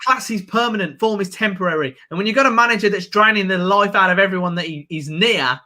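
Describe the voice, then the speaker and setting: A man with a Birmingham accent hosting a live stream, reacting excitedly to a football match, laughing and shouting at the play. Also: sits high, fast talker.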